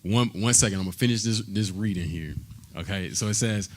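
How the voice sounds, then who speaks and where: Hombre de voz grave que enseña la Biblia. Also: male voice, sits low, fairly quick. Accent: American English. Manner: conversational, checks in with frequent "right?"; reads scripture aloud, rising in emphasis. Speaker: Bible study teacher. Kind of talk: Bible study teaching.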